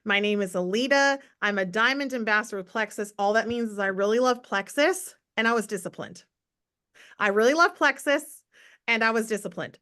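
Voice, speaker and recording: An energetic woman speaks on a live morning call for her sales team. Her voice sits a little high and rings bright and forceful. She chats with viewers and hammers home her points by repeating them. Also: fairly quick. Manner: upbeat and enthusiastic, chatting to viewers in comments; emphatic repetition for motivation. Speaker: network marketing team leader.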